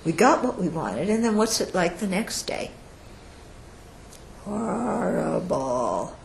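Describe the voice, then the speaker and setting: This woman has a medium-pitched voice and talks at a normal speed, recorded roughly in an echoey space with a bit of background noise. Her Buddhist teaching to an audience is a dharma talk in a chatty style. She keeps checking in with her listeners, and when she quotes someone she acts it out with animated changes in her voice.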